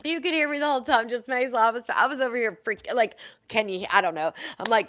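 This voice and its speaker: A woman's voice: a little high, fast talker, fairly bright tone, no echo, lo-fi sound. A woman hosting a live stream, chatting casually to her viewers, swearing freely and laughing often.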